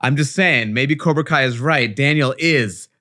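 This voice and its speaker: A man's voice: mid-range voice, normal speed, sharp tone. A man with a Long Island accent, co-hosting a podcast and telling a story in casual chat, acting out the voices of everyone he quotes. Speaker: podcast co-host.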